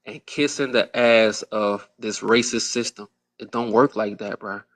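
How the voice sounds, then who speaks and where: A man's voice: fairly low pitch, fairly even intonation, measured pace. A man giving blunt opinion commentary in a played clip, talking emphatically, repeating phrases and using plenty of slang.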